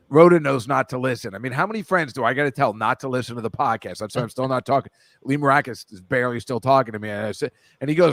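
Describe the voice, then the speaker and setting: A man's voice: mid-range voice, a bit bright, no room sound. A middle-aged man hosting a podcast, rambling in casual chat with a jokey, self-deprecating manner. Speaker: podcast host.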